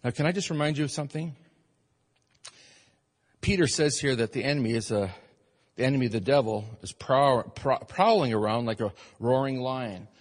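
A male pastor delivering a sermon to his congregation with an emphatic preaching manner. His voice sits at an ordinary middle pitch for a man. It rings out with the long reverb of a church hall. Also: moderate pace, pauses often. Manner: emphatic preaching, rising and falling in force.

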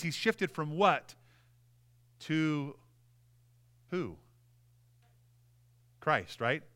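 A male pastor preaching with earnest conviction, his voice bright and pitched a little high. He often repeats a word as he starts a sentence. The tone stays clear and smooth throughout. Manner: drops to a soft, low voice when praying. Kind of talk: sermon.

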